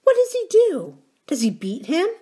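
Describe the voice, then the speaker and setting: A woman voicing a pert, touchy girl going on eleven, who talks in a shrill, demanding way in a book reading. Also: wildly swooping pitch, moderate pace, exaggerated voice. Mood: eager.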